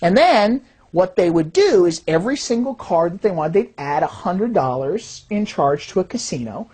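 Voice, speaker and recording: Husky woman explaining with lively pitch. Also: normal speed. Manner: lively, acts out quoted voices while explaining. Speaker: fraud detection systems designer. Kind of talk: explanatory talk.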